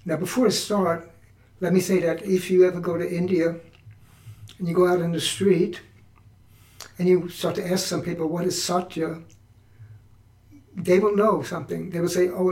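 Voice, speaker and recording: Man with a high voice in an echoey room. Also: normal speed, pauses often, far from the mic. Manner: relaxed, reflective, with frequent restarts. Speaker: podcast host and spiritual teacher. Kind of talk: spiritual talk.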